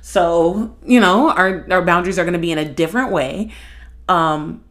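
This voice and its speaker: A young woman hosting a podcast, talking in a blunt, profane, animated monologue. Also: lowish voice, moderate pace. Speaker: podcast host. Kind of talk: casual monologue.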